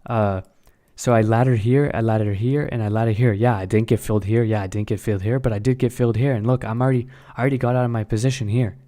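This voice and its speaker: A man's voice: on the low side, steady tone, fast, dark tone. A young man talking casually on a live stream about his crypto trades, blunt and swearing often, repeating himself.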